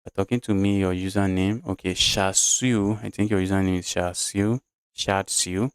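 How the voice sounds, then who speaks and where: A man's voice: deep voice, fairly even intonation, moderate pace, clean tone, no echo. A man with a Nigerian English accent, streaming chess live, talking through his moves and answering his chat in a chatty way.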